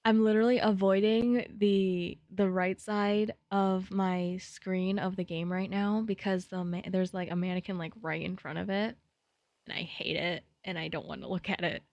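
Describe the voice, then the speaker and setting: A woman's voice: medium pitch, level tone, moderate pace, a little mellow, no room sound, lo-fi sound. Playful young woman streamer, dry close sound. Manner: playful and chatty, jittery when scared. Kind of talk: live game stream, reading game text aloud.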